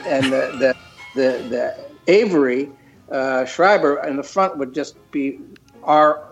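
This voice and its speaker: A man's voice: mid-range voice, poor audio. Rambling man, guest on a chat show. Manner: rambling, many restarts. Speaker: guest, cartoon creator. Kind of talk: casual interview chat.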